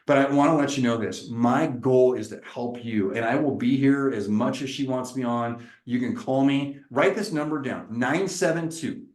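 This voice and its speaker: A man, a chiropractor, giving an energetic, preacher-like seminar presentation. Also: mid-range voice, brisk, echoey room, low-quality recording. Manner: lively, preacherly, acts out little dialogues.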